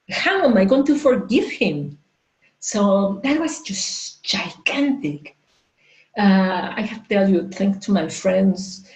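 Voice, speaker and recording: A woman in her forties shares a frank personal story as a coach speaking to a live audience. She talks haltingly, restarting sentences with plenty of fillers, and her voice sits mid-range. The room around her is echoey. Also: medium pitch, darkish tone. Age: 40s. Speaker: coach and entrepreneur.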